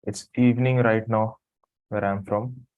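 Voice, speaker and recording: A man who has just woken from a nap, commenting on a live trading stream in a halting, apologetic way as he thinks aloud. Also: on the low side, fairly even intonation, darkish tone, no room sound, poor audio. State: just woke from a nap, morning voice.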